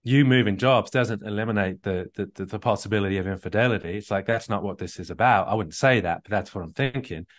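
A man with a lowish voice coaches a caller on a live call. He talks earnestly, repeats himself and often restarts his sentences. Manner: earnest, repetitive restarts, storytelling. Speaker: marriage coach.

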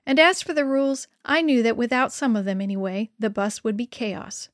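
A woman reading a first-person story aloud in a lively, expressive storytelling manner. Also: a little high, brisk, no echo, clean studio sound.

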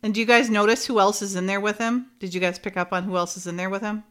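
A woman's voice: medium pitch, fairly even intonation, fast talker, a bit bright, smooth. A woman co-hosting a casual chat, retelling scenes with frequent laughter. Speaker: podcast co-host. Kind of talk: casual chat recapping a show.

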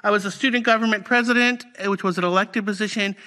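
A woman's voice: medium pitch, quick pace. A woman pastor preaching a personal testimony in a conversational, storytelling way. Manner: conversational, animated storytelling with fillers.

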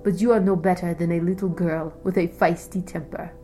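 A woman's voice: fairly low pitch, fairly even intonation, brisk, mellow, soft background music, natural voice. A woman voicing a wary, defensive male servant speaking to his king in a storybook reading. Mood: scornful.

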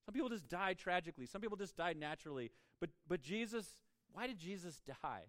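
A man's voice: sits high, lively intonation, a little fast, a bit bright, dry recording, studio quality. A man preaching a sermon as a pastor, emphatic and prone to stumbling over repeated words as he starts each point.

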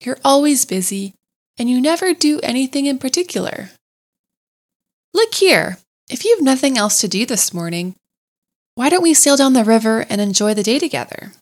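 Cheery boat-mad water rat guy, exclaims a lot, lively storybook voice, lady doing it. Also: high-pitched, pitched above the performer's own voice. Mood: enthusiastic. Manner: hearty, exclaiming, rapid lists. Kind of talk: storybook character voice.

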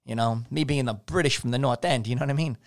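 Talking fast in a mid-range voice, this man hosts a podcast where he rants about conspiracy theories. The chat is casual, full of swearing, and highly animated.

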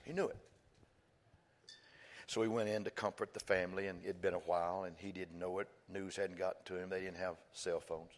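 A male pastor preaching a sermon, telling a story with quoted dialogue, slow and emphatic. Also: deep voice, flat delivery, big-room sound. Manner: storytelling, builds to shouting climax.

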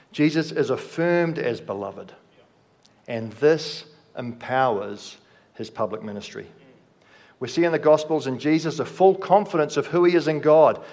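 A man preaching a sermon, slow and measured, letting his voice drop softly at the ends of phrases. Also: medium pitch. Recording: long hall reverb.

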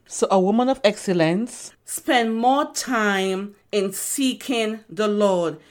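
Woman in her fifties, earnest devotional podcast host teaching in the studio. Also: medium pitch. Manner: earnest, preaching.

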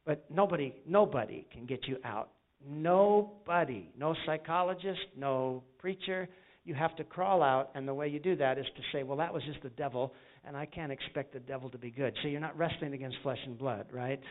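A man's voice: medium pitch, normal speed. A man preaching a sermon as an evangelist, telling stories in an earnest way and acting out the voices of the people he quotes. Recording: tinny phone-like sound.

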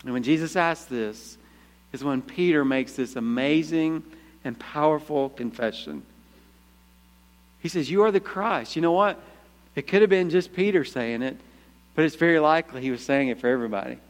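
A man preaching a sermon as pastor, emphatic, calling out for amens and dropping into hushed asides. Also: normal speed, long pauses. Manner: emphatic, calls out for "Amen?", swings between punchy lines and hushed low asides. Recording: echoey hall reverb.

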